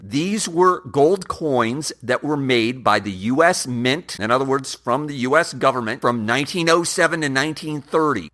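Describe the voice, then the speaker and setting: A man hosting an investing channel, talking earnestly and emphatically to his viewers, often addressing them as gentlemen. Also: a little high. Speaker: channel host. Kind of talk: scripted investing talk to camera.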